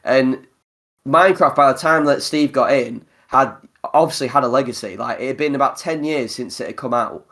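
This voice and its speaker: A man's voice: medium pitch, moderate pace, pushed and bright. A man hosting a casual podcast chat, talking in a loose, sweary way with lots of fillers and restarts. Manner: chatty, swears a lot, many fillers and restarts. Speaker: podcast host.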